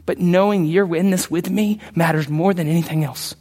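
A pastor delivering a sermon, swinging between hushed and loud, emphatic passages. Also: male voice, high voice, fairly even intonation, normal speed, long reverb tail.

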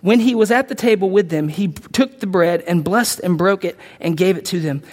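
A man with a fairly high voice preaches a sermon, reading scripture and then stopping to comment with animated bursts of excitement. His voice rings through a large hall with a long reverb. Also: normal speed. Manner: animated, breaks into excited outbursts and laughs. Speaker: pastor.

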